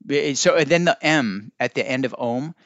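A man's voice: medium pitch, normal speed, fairly bright tone, no room sound, lo-fi sound. A man hosting a podcast, talking in a loose, musing way and wandering off to look things up as he goes. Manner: rambling and musing, looks things up mid-talk. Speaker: podcast host. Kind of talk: casual spoken podcast talk.

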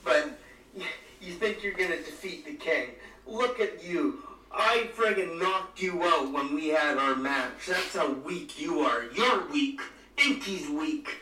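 Comedy podcast guy, british, bright higher voice, over-the-top ranting, roomy and off-mic. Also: animated, unhurried. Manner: over-the-top faux outrage, theatrical. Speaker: podcast co-host. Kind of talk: comedic mock rant. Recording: roomy, distant mic, faint noise.

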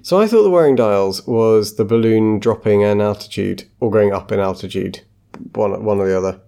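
Gravelly, dark-voiced man recapping wryly. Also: fairly low pitch, moderate pace. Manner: dry, wry recapping with offhand jokes. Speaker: podcast co-host. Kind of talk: casual chat recapping a TV episode.

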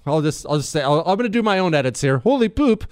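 Talk radio host, male, animated and wisecracking, close dry studio mic. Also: on the high side, racing, smooth, no room sound. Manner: animated, joking, mock-indignant. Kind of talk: talk radio monologue and reading listener emails.

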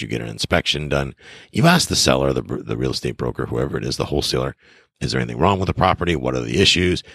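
A man's voice: extremely low pitch, a bit bright, breathy edge, dry recording, studio quality. A middle-aged man hosting a podcast, giving casual advice in an enthusiastic, emphatic way and acting out conversations. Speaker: real estate investor and podcast host.

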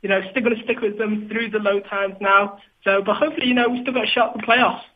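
A man with a Liverpool accent calling in over a thin, phone-like line, his voice high for a man. He rambles with lots of fillers and stays good-humored throughout. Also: fairly even intonation, quick pace. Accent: Liverpool English. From England. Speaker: caller. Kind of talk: casual phone call.

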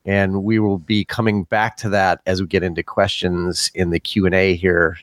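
Deep and level at a normal speed, this man's voice comes through a dry recording as he co-hosts a podcast. He reads listener comments in a relaxed, chuckling manner, hesitating often with uh and um.

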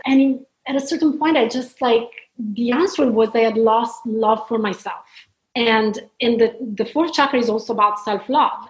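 A woman from Italy with an Italian accent, talking earnestly and reflectively as a podcast guest, often restarting her sentences. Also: a little high. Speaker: podcast guest, spiritual counselor. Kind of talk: casual interview talk. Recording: echoey room.

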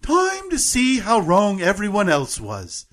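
Man imitating a British lady announcer, raised pitch, slow stretched words. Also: very animated, a bit bright, heavily acted. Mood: mock-posh. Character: woman announcer with British accent.

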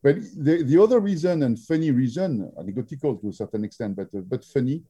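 Halting French-accented man, very dark voice. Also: medium pitch, animated, slightly rough. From France. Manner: halting, many fillers and restarts. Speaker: drinks brand founder. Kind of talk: interview storytelling.

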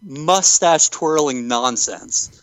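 A man hosting a podcast, telling a story with animated enthusiasm in casual chat. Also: on the high side, takes it slowly, clean tone, dry recording, low-quality recording. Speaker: podcast host.

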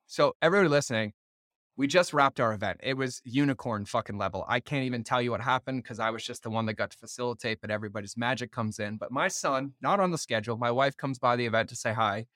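A man hosting a podcast, telling stories in an animated way and swearing freely in casual conversation. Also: medium pitch, quick pace, no echo, studio quality. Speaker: podcast host.

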